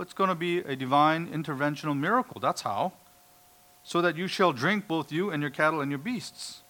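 A man's voice: a little high, fairly bright tone. A man preaching a sermon, emphatic, quoting scripture and acting out the voices of doubters. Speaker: pastor.

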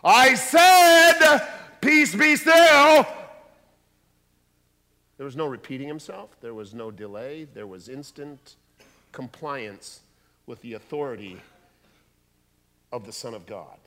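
A man preaching a sermon, animated and acting out voices from the scripture he reads. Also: mid-range voice, measured pace, pauses often. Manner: animated, acts out voices in quotes. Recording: long hall reverb.

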